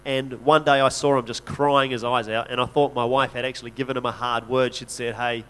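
Earnest man with a flat delivery. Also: mid-range voice, fairly quick, smooth. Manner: earnest, conversational, frequent restarts. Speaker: missionary speaker. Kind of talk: church talk, personal storytelling.

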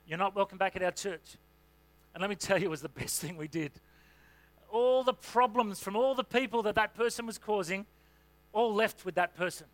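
A man who is a senior pastor, preaching a sermon in a relaxed, conversational way with lots of "you know" fillers. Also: sits high, moderate pace.

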